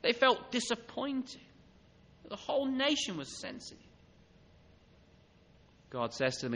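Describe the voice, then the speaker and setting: A man delivers a sermon in a church, his voice sitting high for a man and sounding bright and forceful. He swings between loud, pressing emphasis and quiet, close asides. A long hall reverb trails behind every phrase. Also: huge pitch swings, measured pace, vocal fry, pauses often. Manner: emphatic, rising and falling between loud urging and soft intimacy. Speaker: preacher.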